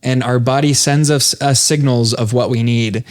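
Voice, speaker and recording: Young man, podcast guest, casual chat, reflective and thoughtful, mid-pitched. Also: fairly even intonation, normal speed, a little mellow. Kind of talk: casual conversation.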